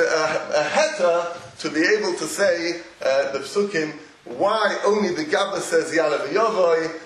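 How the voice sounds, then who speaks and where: Male lecturer, high pitch, halting and animated, echoey room. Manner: animated, halting with repeated restarts, laughs often. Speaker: Torah teacher. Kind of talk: Talmudic lecture. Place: echoey room with a live audience. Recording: roomy echo, faint noise.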